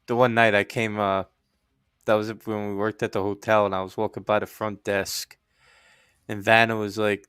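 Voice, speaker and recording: A man's voice: fairly low pitch, moderate pace, smooth, dry recording, studio quality. A man co-hosting a podcast in casual chat, telling stories with profanity, acting out what people said and laughing often. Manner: animated, profane, acts out quotes, laughs often. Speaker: podcast co-host.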